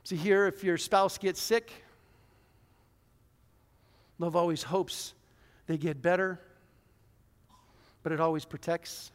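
A man in his forties preaching a conversational, self-deprecating sermon in a church hall, with sudden loud bursts. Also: high voice, fairly even intonation, slow pace, long pauses, clear, resonant tone. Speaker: pastor.

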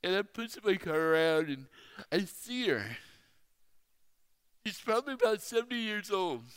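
A man preaching a sermon, telling a personal story slowly and with emphasis. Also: high voice, big pitch swings, a bit bright, clean tone. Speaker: speaker. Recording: reverberant hall.

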